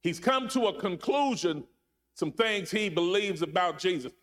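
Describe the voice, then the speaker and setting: Higher-voiced male preacher in an echoing hall. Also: lively intonation, moderate pace. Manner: repeats phrases, swings between loud emphasis and hushed low drops. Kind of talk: sermon. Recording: long hall reverb.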